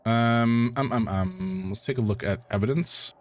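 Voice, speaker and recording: A Canadian gaming streamer narrates a live playthrough in a medium-pitched, unhurried voice. His commentary rambles and stays chatty, full of fillers and frequent laughter.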